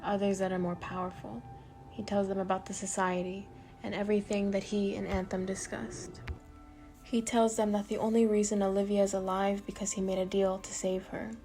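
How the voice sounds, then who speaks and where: A woman reading a story aloud in a plain, steady manner. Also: medium pitch. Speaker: audiobook reader. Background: faint music.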